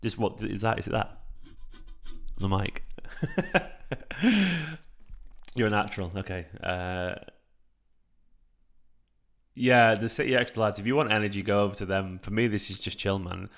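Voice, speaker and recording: A man in his thirties hosting a late-night live stream from home into a microphone, talking in a hushed, half-whispered way, with a raspy voice. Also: fairly low pitch, fairly even intonation, moderate pace, long pauses. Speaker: fan channel host streaming a match watchalong. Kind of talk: casual live chat with viewers.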